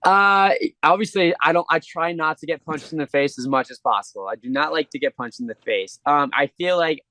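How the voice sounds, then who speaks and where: Brief: male fighter guest, quick rambling earnest answers, dry close mic. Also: fairly high pitch, pushed and bright, no echo. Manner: rambling, earnest, restarts sentences. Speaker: interview guest, pro fighter. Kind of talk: casual interview answers.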